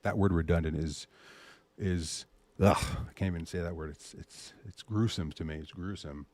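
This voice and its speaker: Animated salesy man, low voice. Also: normal speed. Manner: animated salesy pitch, mutters asides while browsing pictures. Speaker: host. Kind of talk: casual promotional talk.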